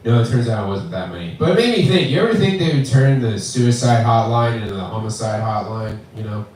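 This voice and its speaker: A man's voice: medium pitch, a little fast, slight background noise. A young man doing a crude, swearing stand-up set at an open mic in a small bar. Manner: crude, swearing, deadpan jokes with acted-out voices. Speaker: stand-up comic. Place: small bar with live audience. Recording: very echoey room from far off.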